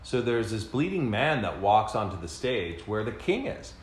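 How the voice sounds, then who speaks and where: A man with a low voice talks through ideas in a relaxed, rambling way, filling pauses with small filler words and restarting his sentences. He sounds like he is in a reverberant room. A faint hiss sits under his voice. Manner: explains at length, many fillers and restarts. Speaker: podcast co-host. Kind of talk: casual explanatory discussion. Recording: echoey room, faint background noise.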